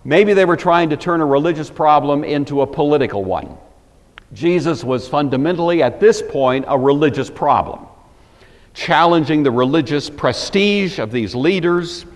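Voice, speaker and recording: A man's voice: fairly high pitch, moderate pace, big-room sound. A man teaching a lesson on a Bible passage in a conversational way, with frequent asides as he thinks aloud.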